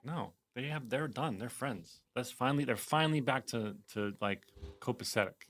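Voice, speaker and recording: A man from New Jersey co-hosting a podcast in casual chat, animated and quick to laugh as he acts out quotes. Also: medium pitch. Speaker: podcast co-host.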